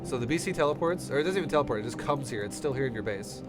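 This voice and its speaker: A man's voice: medium pitch, lively intonation, very fast. A man coaching a player through a game replay in a casual streaming session, blunt and heated, swearing often. His nose is running. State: runny nose. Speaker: StarCraft coach reviewing a replay. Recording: music playing underneath. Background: music.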